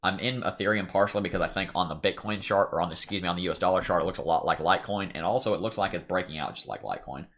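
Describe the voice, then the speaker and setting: A young man from Tennessee with a faint Southern accent hosts a crypto livestream from home. His voice sits low and his talk runs quick. He is upbeat and chatty, reading out viewer comments and thinking aloud over his charts. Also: lively intonation, a bit bright.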